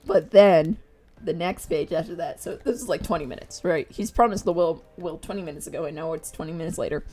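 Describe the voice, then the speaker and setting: Chatting casually while she draws on stream, a woman speaks briskly in a low, mellow voice. She giggles as she retells things with acted quotes.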